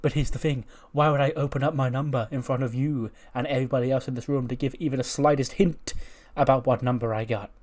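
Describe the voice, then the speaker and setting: A man's voice: medium pitch, fairly even intonation, fast, hardly any pauses, a little mellow, natural voice. A man voicing a serious, calculating male wrestler who talks in a stiff, formal, lecturing way. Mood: stern.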